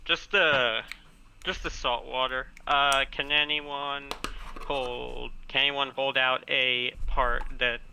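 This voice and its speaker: A man playing a tabletop game, explaining his character's actions in halting, restarting sentences. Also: mid-range voice, fairly even intonation, vocal fry, bright, forceful tone, a little hiss or hum, rough recording. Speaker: player. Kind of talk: casual tabletop play.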